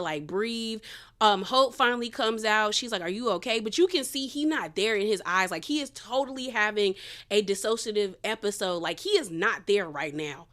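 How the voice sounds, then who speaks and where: Woman doing a casual tv recap, slangy and chatty, mid pitch, tells it like gossip with a friend. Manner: chatty, colloquial, animated storytelling with slang. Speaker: reality TV recap host. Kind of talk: casual episode review.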